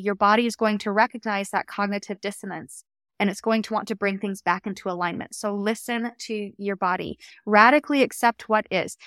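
A young adult woman, a coach hosting a solo podcast, talking in an earnest, reflective and gently encouraging way. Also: medium pitch, no room sound, studio quality.

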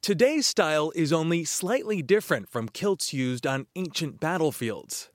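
A man narrating a news feature as a TV correspondent, with a measured, storytelling delivery. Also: on the high side, lively intonation, no room sound.

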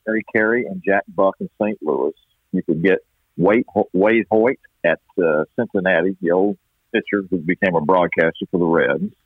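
A man from East Texas, a baseball play-by-play announcer, telling stories in a folksy, unhurried way with many restarts, heard over a phone line. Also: low voice, no room sound. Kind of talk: storytelling interview chat. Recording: dry tinny phone-line sound.

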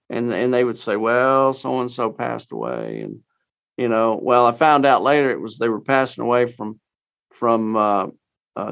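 A man's voice: medium pitch, creaky. A man in his sixties with a Texan accent, a guest recounting his story in an interview and acting out the dialogue he quotes. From Texas.

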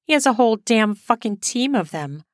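A woman narrates an erotic audio story in a steady, explicit storytelling manner. Her voice sits close to the mic with a dry, dead sound. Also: on the high side, normal speed, dry recording.

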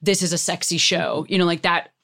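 A woman hosting a casual chat, animated and joking, laughing often. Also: lowish voice, a little fast, vocal fry. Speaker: podcast host.

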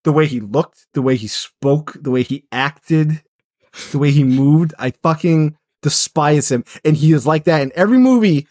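A man's voice: a little high, expressive, moderate pace, darkish tone, no echo, studio quality. A man co-hosting a horror movie podcast in casual chat, blunt and exasperated, swearing as he rants. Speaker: podcast co-host.

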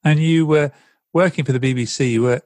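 A man's voice: on the high side, fairly quick, darkish tone, no echo. A man hosting an interview, putting brief prompts and questions to his guest. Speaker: podcast host.

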